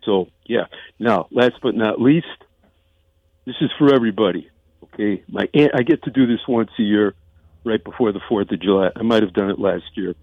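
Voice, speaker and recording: A man's voice: fairly low pitch, moderate pace, no echo. Congested man calling in over the phone. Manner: rambling, chatty. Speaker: caller. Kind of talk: casual call-in chat. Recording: tinny phone line.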